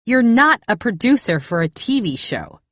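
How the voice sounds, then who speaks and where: A woman's voice: on the high side, very animated, normal speed, fairly bright tone, dry recording, voice pushed up. A woman voicing a frantic, defiant young woman who shrieks her accusations, close to tears. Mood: accusing.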